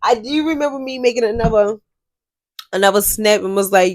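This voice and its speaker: A young woman telling a story to her viewers in a casual vlog, animated and swearing freely. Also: medium pitch, a little fast, no echo. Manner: animated, profane, talks straight to viewers. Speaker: storyteller vlogger.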